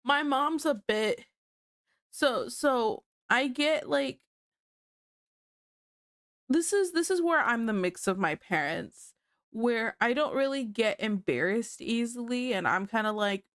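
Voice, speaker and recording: A woman's voice: a little high, expressive, slow, a bit bright, no echo, clean studio sound. A young woman chatting casually on a livestream, sick with a blocked nose and sniffling, laughing often and easily. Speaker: streamer.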